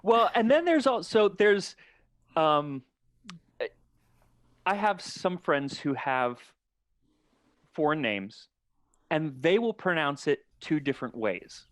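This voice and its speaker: A man's voice: a little high, sing-song, takes it slowly, long pauses, dry recording, studio quality. A man talking on a podcast in casual chat, explaining his views in a thoughtful way. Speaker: podcast guest.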